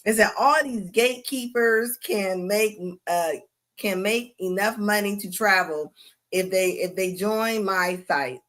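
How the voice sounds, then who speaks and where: A woman's voice: mid-range voice, fairly bright tone. A woman hosting a livestream, giving mocking reaction commentary with frequent laughter. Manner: laughing mocking banter, drawn-out asides. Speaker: host.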